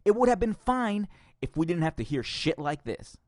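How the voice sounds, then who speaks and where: A man's voice: high-pitched, big pitch swings, normal speed, a little mellow, no echo, studio quality. A man hosting a podcast, ranting angrily and profanely with sarcastic laughs. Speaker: podcast host.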